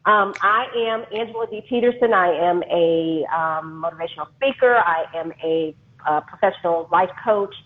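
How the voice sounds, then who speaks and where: A woman's voice: fairly low pitch, moderate pace. Laughing woman on a tinny phone line. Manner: laughs often, animated and teasing. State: going through menopause. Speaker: co-host, life coach. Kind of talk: casual live-stream chat.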